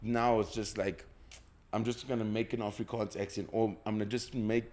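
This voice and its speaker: A man's voice: lowish voice, steady tone, normal speed, darkish tone. A man from South Africa hosting a casual podcast chat, talking through his points at length with restarts. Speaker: podcast host.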